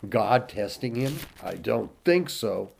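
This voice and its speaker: A man preaches slowly in a lowish, creaky, slightly mellow voice with lively intonation, reading King James scripture with mounting emphasis and asking rhetorical questions. There is a little hiss or hum in the background.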